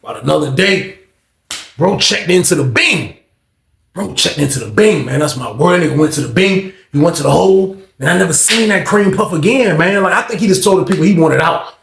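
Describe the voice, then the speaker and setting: A man's voice: a little high, expressive, a little fast, creaky, fairly bright tone, a little hiss or hum. A man casually telling stories to his viewers, streetwise and slang-heavy, ending his lines with "man". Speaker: storyteller and channel host. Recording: echoey room.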